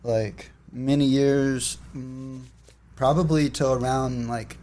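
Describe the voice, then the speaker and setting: Male guest, mid-pitched, easygoing storyteller, faint hum in the room. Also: takes it slowly. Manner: relaxed, laid-back storytelling with fillers. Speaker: podcast guest. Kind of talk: casual chat.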